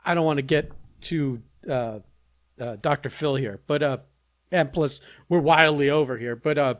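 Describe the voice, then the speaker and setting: A man giving his opinions in a casual podcast chat, halting and profane. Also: a little high. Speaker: podcast co-host.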